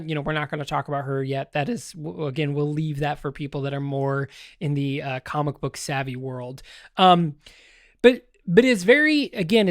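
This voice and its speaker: A man's voice: a little high, no echo, studio quality. A man hosting a podcast, rambling through casual pop-culture commentary with lots of fillers and restarts, joking and talking straight to the audience. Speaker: podcast host.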